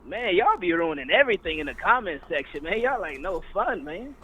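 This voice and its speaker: A man's voice: high voice, sing-song, brisk, pushed and bright, slightly rough, rough recording. A male caller chatting casually on a live sports show, laid-back and teasing with slangy talk. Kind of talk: casual call-in chat.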